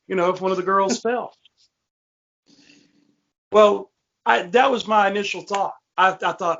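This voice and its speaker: A man's voice: high voice, normal speed, pauses often, a bit bright. A man hosting a podcast, telling a ghost story in a rambling way with lots of fillers and restarts. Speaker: podcast host. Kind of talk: casual storytelling. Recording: muffled lo-fi podcast audio.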